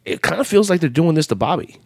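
A man's voice: fairly high pitch, very animated, fast, gravelly, breathy edge, no echo, clean studio sound. A man co-hosting a casual chat, easygoing and agreeable, adding his own opinions. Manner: easygoing, agreeable, short interjections. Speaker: podcast co-host.

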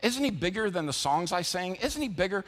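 In a church sanctuary with long reverb, a Southern American pastor preaches in a high-pitched, very animated, fairly quick and bright voice. He pulls his congregation in through rhetorical questions and call-and-response.

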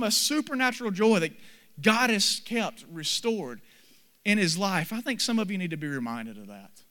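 Bright high-voiced man preaching. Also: sing-song, moderate pace. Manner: earnest preaching, repeated short phrases, swings between soft and loud. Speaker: pastor. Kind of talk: sermon.

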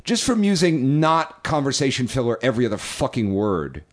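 A man's voice: medium pitch, big pitch swings, normal speed. A man co-hosting a casual comedy podcast, wry and self-deprecating, swearing freely. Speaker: podcast co-host.

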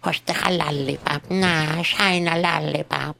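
A man's voice: a little high, steady tone, measured pace, vocal fry, bright, forceful tone, exaggerated voice. A man voicing a pushy old Romanian grandmother who coaxes in heavy Yiddish-German phrasing. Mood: coaxing.

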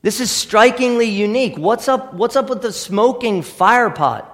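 High-voiced preaching man, long church reverb. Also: normal speed. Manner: emphatic preaching with repeated rhetorical questions. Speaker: pastor. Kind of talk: sermon. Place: church sanctuary.

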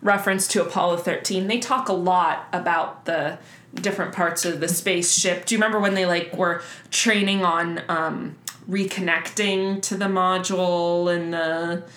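A woman's voice: lowish voice, fairly even intonation, normal speed, a bit bright. A woman co-hosting a podcast, explaining history in a loose, chatty way with lots of fillers. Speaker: podcast co-host. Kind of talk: casual history chat. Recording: roomy echo.

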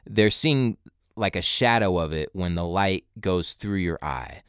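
Low-voiced profane young man rambling. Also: measured pace, a bit bright, smooth, dry recording, clean studio sound. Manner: rambling, profane, with many fillers. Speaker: storyteller. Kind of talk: casual storytelling monologue.

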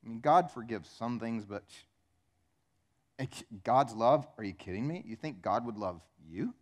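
A man's voice: mid-range voice, animated, a little slow, pitched below the performer's own voice. A man voicing Satan as a scornful accuser in a sermon, taunting and mocking. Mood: sneering. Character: sneering Satan, accusing male devil.

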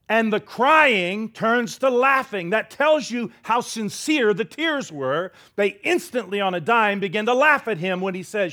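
A man's voice: sits high, big pitch swings, unhurried. A man preaching a sermon as pastor, telling the story dramatically and drawing the congregation in. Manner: dramatic storytelling, drops to a hush for quoted words; leads the congregation in call-and-response.

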